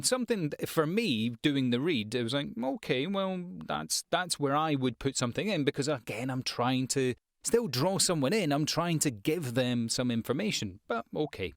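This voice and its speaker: A man's voice: medium pitch, fairly bright tone, no echo, studio quality. A man hosting a casual voice-over tips video, chatty and self-deprecating, with fillers and restarts. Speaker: voice-over artist and channel host.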